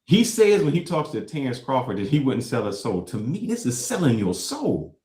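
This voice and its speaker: Preachy man with a lively voice. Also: medium pitch, normal speed, roomy sound. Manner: animated and preachy, acts out quotes. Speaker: podcast host. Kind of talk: casual commentary reacting to clips.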